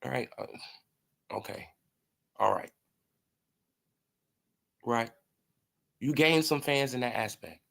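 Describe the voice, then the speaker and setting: A man's voice: medium pitch, slow pace, vocal fry, long pauses, fairly bright tone. A man hosting a casual boxing commentary stream, talking in a mocking, profane way, laughing often and answering his chat. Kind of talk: casual livestream sports commentary.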